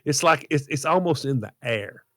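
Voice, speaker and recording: A man's voice: mid-range voice, animated, moderate pace, sharp tone, no echo, clean studio sound. A man co-hosting a podcast, chiming in with short agreeing replies in casual chat. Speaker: podcast co-host.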